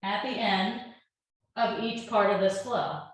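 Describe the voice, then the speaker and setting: A woman yoga teacher calmly talking a class through breaths and poses, with gentle step-by-step cues. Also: medium pitch, takes it slowly. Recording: very echoey room.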